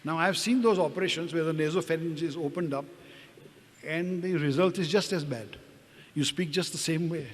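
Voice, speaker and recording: A man's voice: a little high, normal speed. An older man with an Indian accent, a doctor recounting his own experiences, hesitant and repeating words with apologetic asides. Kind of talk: personal testimony talk. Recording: reverberant hall, faint background noise.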